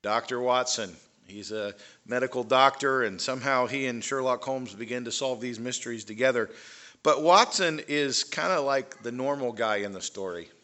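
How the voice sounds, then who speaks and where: A man's voice: mid-range voice, moderate pace, pushed and bright. A man giving a conversational talk to a live audience, with fillers and rising emphasis on key points. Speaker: speaker.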